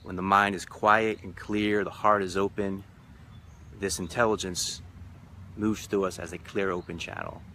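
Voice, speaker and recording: Lowish, bright-voiced man as a retreat leader, emphatic and repetitive, live-stream talk. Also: flat delivery, moderate pace, a little hiss or hum. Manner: repetitive, emphatic, rhythmic phrasing. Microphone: phone or webcam live stream.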